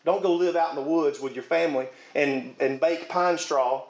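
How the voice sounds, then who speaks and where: A man preaching a sermon with fervour, rising to shouts at his peaks and chuckling between points. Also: a little high, normal speed, echoey room.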